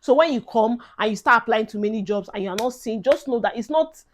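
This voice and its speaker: A young Nigerian woman vlogs advice for incoming students in a little high, animated, fast voice. She's chatty and emphatic, mixing Pidgin phrases into her casual talk.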